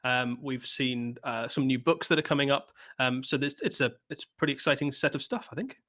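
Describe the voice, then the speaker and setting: A man's voice: mid-range voice, brisk, a bit bright. A man presenting product previews on a live stream, talking with many ums, uhs and restarts.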